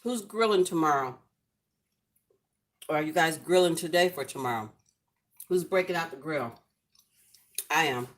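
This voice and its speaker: A woman's voice: low-pitched, lively intonation, moderate pace, long pauses. A middle-aged woman hosting a casual home cooking livestream, chatting affectionately with viewers in the comments. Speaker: cooking channel host. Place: home, lit by a ring light.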